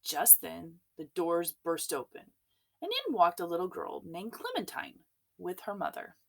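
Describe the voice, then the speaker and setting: A woman reads a children's picture book aloud, taking her time over each phrase. Her voice is low-pitched but very lively in its rise and fall, and she sometimes drops to a hush. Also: gravelly. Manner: expressive, unhurried. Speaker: storyteller. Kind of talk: children's storybook read-aloud.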